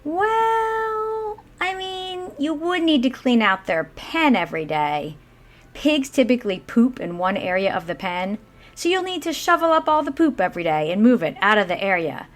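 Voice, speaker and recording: A woman voicing an impatient, bossy pig farmer who talks in a brisk, raised voice. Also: high-pitched, very animated, pitched above the performer's own voice. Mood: upbeat.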